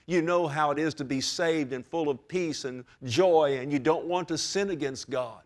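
A man's voice: fairly high pitch, normal speed. Impassioned male preacher. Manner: impassioned, swings from hushed to loud exclamation. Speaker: pastor. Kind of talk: sermon.

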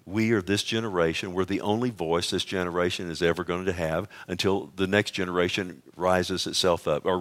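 A middle-aged man with a fairly low voice preaches a sermon. He is emphatic and keeps putting questions to the congregation. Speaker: pastor.

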